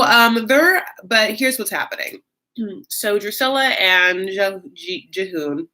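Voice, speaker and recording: A woman's voice: lowish voice, sharp tone. A woman hosting a live reaction recap of a reality show, chatting in a gossipy, casual way, greeting viewers by name and calling them honey. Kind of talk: casual live-stream chat.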